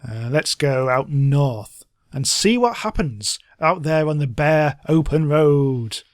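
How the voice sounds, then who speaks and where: A man's voice: fairly high pitch, animated, takes it slowly, no echo, clean studio sound. Chatty man playing a game. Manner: chatty, giggly, reads game text aloud. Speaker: let's play host. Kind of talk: casual gameplay commentary.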